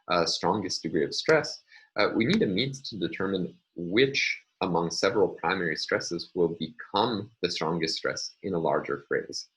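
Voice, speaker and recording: Deep-voiced man giving a lecture. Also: fairly bright tone, rough recording. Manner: measured, explanatory, with frequent filler words. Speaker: linguistics lecturer. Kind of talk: recorded lecture.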